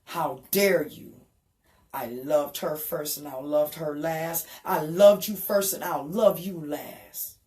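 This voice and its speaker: A stern, commanding God rebukes in slow, heavy, deliberate words, as a woman speaking from the heart puts him on. The voice sits low and unhurried, every phrase landing with scolding weight. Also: darkish tone.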